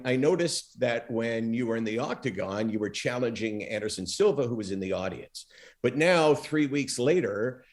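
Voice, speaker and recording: A middle-aged man, a former talk show host, telling stories as a podcast guest and acting out the dialogue he quotes. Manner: animated storyteller, acts out quoted dialogue with big pitch swings. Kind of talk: storytelling interview talk.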